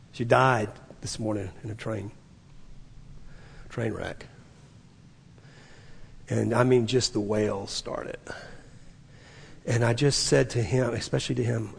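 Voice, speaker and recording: Man, pastor mid-sermon, husky voice, earnest, swings from whispers to emphatic peaks, church hall reverb. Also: medium pitch.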